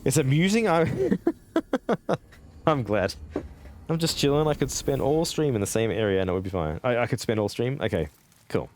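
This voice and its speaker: A man live-streaming a video game, chatting with viewers, excitable, laughing and swearing often. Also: mid-range voice, moderate pace, pauses often, slight background noise.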